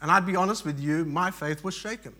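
A man's voice: high voice, brisk, sharp tone. A middle-aged man pastor preaching, telling a personal story with frequent restarts and fillers. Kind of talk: sermon.

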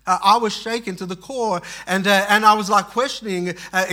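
A man's voice: high voice, fairly even intonation, normal speed, few pauses, bright, forceful tone. A middle-aged man pastor preaching, telling a personal story with frequent restarts and fillers. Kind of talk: sermon.

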